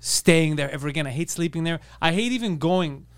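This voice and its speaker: A man's voice: a little high, animated, fairly quick, smooth. A man co-hosting a podcast, telling stories in casual chat, swearing a lot and acting out the quotes. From Greek family heritage. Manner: profane storytelling, acts out quotes. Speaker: podcast co-host.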